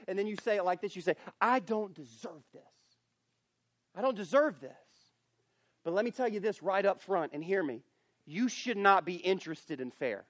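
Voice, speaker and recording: High-voiced earnest man preaching. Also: dry recording, studio quality. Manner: earnest, building to emphatic preaching; repeats himself, restarts phrases. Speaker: camp speaker. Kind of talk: sermon.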